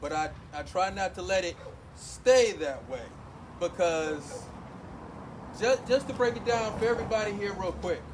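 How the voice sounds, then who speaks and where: A man's voice: sits high, measured pace. A man speaking emotionally at an outdoor community forum, projecting his voice and addressing the crowd directly. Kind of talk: impassioned public speech. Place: outdoors at a street gathering. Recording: outdoor noise behind the voice.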